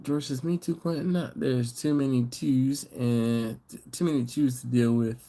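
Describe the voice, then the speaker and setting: A man's voice: mid-range voice, fairly even intonation, unhurried, warm tone. A tired middle-aged man hosting a casual late-night live stream, chuckling and bantering in a laid-back, slangy way as he reads viewer comments. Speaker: barbecue channel host.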